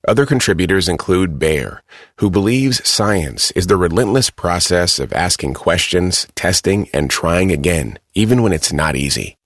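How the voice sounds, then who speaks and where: Deep male network announcer, animated pitch, dry booth. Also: normal speed, no echo. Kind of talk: scripted sponsor announcement.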